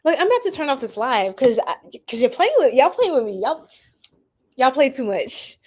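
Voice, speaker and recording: Woman, young adult, tarot livestream host, casual animated chat, slangy asides. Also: high voice, normal speed. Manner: animated, laughing, preachy slang-filled asides.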